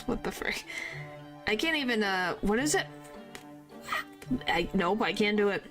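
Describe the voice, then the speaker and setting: A woman's voice: mid-range voice, animated, measured pace, long pauses, fairly bright tone, soft background music. A woman streaming a video game, chatting casually and playfully, trying out character voices. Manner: playful, tries out voices, mild exclamations.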